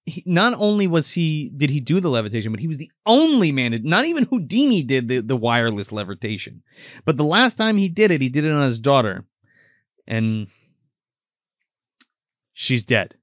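A man's voice: medium pitch, sing-song, normal speed, no echo, clean studio sound. A man in casual chat, recapping a show and acting out scenes in quoted voices.

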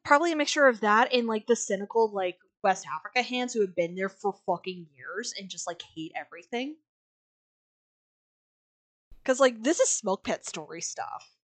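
Woman, podcast co-host, casual chat, blunt, sarcastic, swears a lot, medium pitch. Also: expressive, moderate pace, pauses often, fairly bright tone, no echo. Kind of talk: casual podcast chat, reading quotes aloud.

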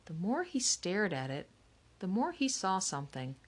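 A woman narrating a children's mystery novel in a calm, steady storytelling manner. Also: medium pitch, moderate pace. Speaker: audiobook narrator. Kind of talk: scripted narration.

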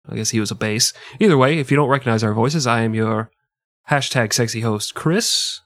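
Male comedy podcast co-host, mid-pitch, dry close mic, jokey banter. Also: brisk, fairly bright tone, dry recording. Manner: jokey, slips into mock voices. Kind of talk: casual comedic chat.

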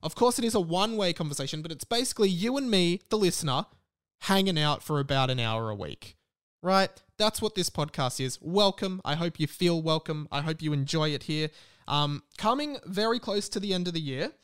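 A young man in his twenties talks through a solo podcast, wandering from thought to thought and poking fun at himself. His voice sits a little high for a man and comes across smooth and clear on a close mic. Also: animated, a little fast, fairly bright tone. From Australia. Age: 20s. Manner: rambling, self-deprecating, chatty. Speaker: podcast host.

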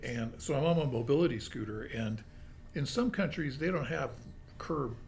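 Older man, casual chat, halting storyteller, relaxed, faint rumble. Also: creaky.

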